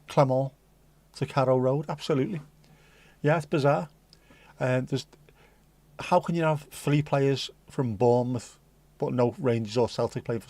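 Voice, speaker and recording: A man's voice: medium pitch, vocal fry, a little mellow, no room sound. A middle-aged man with a Liverpool accent, hosting a livestream and chatting casually to his live chat with jokey, rambling asides. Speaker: livestream host.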